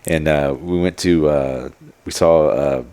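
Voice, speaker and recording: A man's voice: extremely low pitch, fairly even intonation, unhurried, warm tone, clear, resonant tone. A man telling stories as a podcast guest, in a rambling casual way full of fillers and quoted asides. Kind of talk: casual storytelling.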